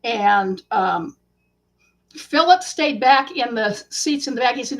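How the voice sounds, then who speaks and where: A woman author, a guest in an interview, telling a story in a casual, animated way and acting out the quotes. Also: fairly high pitch, slow.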